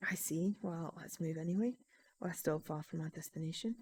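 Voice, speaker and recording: Calm, steady male detective with a Scottish accent, played by a woman. Soft, lowered delivery. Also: normal speed, a little hiss or hum, natural voice. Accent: put-on Scottish.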